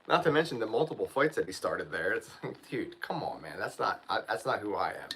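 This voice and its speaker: A man's voice: fairly low pitch, very animated, normal speed, fairly bright tone, slight background noise, low-quality recording. A man hosting his channel, telling a story in a casual livestream chat, ranting and often saying "dude" and "man". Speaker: channel host.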